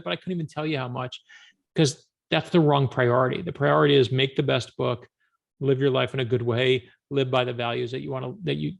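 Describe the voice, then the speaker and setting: A man who is an author, a guest on an interview podcast, telling stories in an animated, emphatic way. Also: mid-range voice, creaky. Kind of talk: storytelling interview answers.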